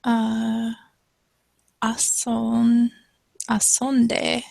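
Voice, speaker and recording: Slow, gravelly-voiced woman learner. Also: on the high side, monotone, darkish tone, no echo. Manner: hesitant, sounding out words. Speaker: student translating manga. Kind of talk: casual study session.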